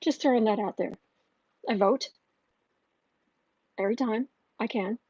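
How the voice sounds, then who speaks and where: A woman hosting a casual livestream and reading viewer comments aloud, chatty and quick to laugh. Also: a little high, dark tone, breathy edge, dry recording, dull audio. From northern United States. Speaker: tarot reader and channel host.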